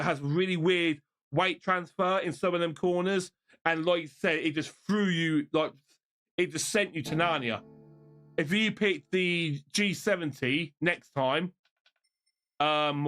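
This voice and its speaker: A man commentating online races on his live stream, shouting during close finishes and then chatting loosely to his viewers while out of breath. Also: on the high side, steady tone, takes it slowly, clean tone. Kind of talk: live race commentary and casual chat.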